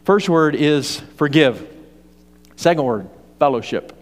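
A male pastor delivering a sermon with emphatic, repeated points and lively storytelling. His voice sits fairly high, and a long hall reverb trails each phrase. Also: takes it slowly.

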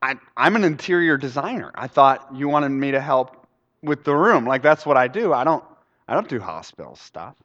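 A man's voice: medium pitch, big pitch swings, moderate pace, fairly bright tone. A man voicing an oblivious, chatty male interior designer who rambles breezily, in an echoey hall. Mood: breezy. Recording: echoey hall, dull sound.

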